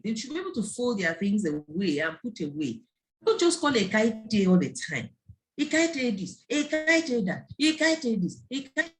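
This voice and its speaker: A woman giving an online talk to parents, telling stories and acting out the voices of the people in them. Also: medium pitch. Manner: lively storytelling, acting out quoted voices. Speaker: parenting speaker. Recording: faint background noise and clicks.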